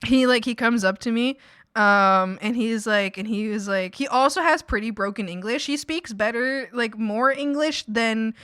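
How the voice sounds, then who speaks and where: Bright-voiced giggly woman streamer. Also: fairly high pitch, moderate pace, smooth, no echo, clean studio sound. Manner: giggly, rambling storytelling, quotes people in her own voice. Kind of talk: casual chat.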